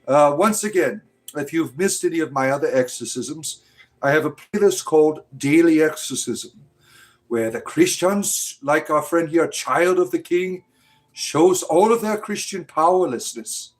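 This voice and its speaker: A man's voice: on the high side, expressive, unhurried. A man hosting a livestream in casual, provocative talk, mocking and taunting his viewers. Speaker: livestream host.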